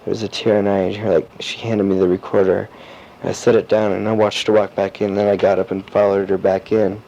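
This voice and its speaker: A teenage boy recording a personal audio diary, rambling and halting with lots of fillers and restarts. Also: lowish voice, level tone, warm tone. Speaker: diarist. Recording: dull lo-fi cassette tape with faint hiss.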